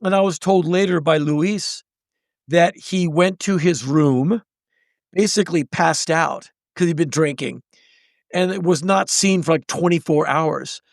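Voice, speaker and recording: Gravelly, high-voiced man in his sixties telling stories. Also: measured pace, dry recording, clean studio sound. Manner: animated storyteller who acts out the people in his stories. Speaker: podcast guest. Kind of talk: storytelling in conversation.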